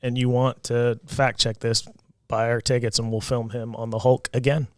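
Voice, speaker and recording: A man co-hosting a casual comedy podcast, telling stories in a relaxed, low-key way. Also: normal speed, no room sound, clean studio sound. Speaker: podcast co-host.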